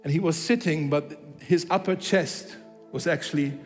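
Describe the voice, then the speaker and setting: A man's voice: a little high, normal speed, in a large hall, faint music behind. A man preaching a sermon, telling a story and acting out its dialogue, with frequent restarts. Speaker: pastor. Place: church hall.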